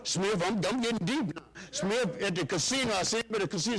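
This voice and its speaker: Over a crowd in the background and a rough recording, a man preaches fast to his church. He calls out questions for the congregation to answer, his pitch rising and dropping in call-and-response style.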